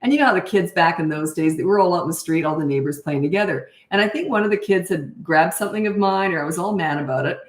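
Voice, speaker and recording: A woman's voice: lowish voice, fast talker, few pauses, roomy sound. A woman in her sixties, a parenting coach answering questions in a casual livestream, telling stories in a chatty way with fillers and laughs. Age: 60s.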